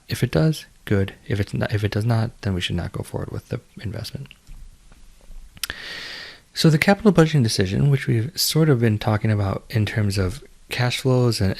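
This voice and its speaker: A man lecturing on finance in a measured, explanatory way, with fillers and restarts. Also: fairly low pitch, gravelly, darkish tone. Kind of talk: recorded lecture.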